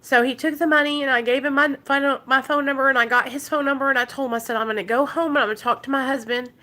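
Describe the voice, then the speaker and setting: A woman's voice: high voice, fairly even intonation, quick pace, pushed and bright. A woman from Arkansas telling an emotional story on her recovery vlog and talking straight to her viewers. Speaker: recovery vlogger.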